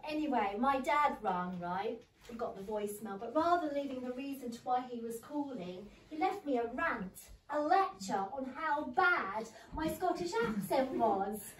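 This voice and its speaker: Her voice sitting high and expressive, a thirty-something woman does a mic-less stand-up set in a comedy room full of people, chatting and laughing at her own material. She speaks at a moderate pace; the recording, made from a distance, is echoey with slight background noise.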